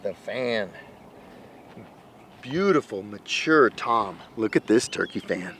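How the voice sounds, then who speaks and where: A man hosting a hunting show, giving excited outdoor commentary in the field, at times dropping to a hushed voice. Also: fairly low pitch, slow pace, slight background noise.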